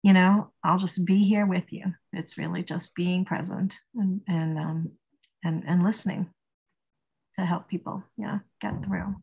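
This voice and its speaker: A woman's voice: fairly low pitch, fairly even intonation, measured pace, vocal fry, a little mellow, husky, dull audio. A woman in a support group discussion over a video call, speaking thoughtfully and musing aloud. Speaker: group participant.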